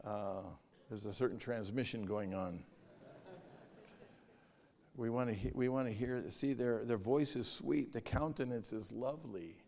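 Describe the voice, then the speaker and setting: A man preaching a sermon in a measured way, reading scripture and outline points and growing emphatic as he goes. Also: mid-range voice, darkish tone. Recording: long reverb of a hall.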